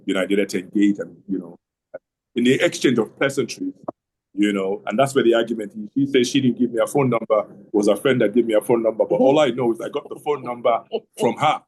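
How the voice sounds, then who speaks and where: A middle-aged man hosts an online video call, rambling through a long story about his marriage, often repeating words and starting over. His voice is fairly low and a little mellow, he talks fast, and the audio is poor.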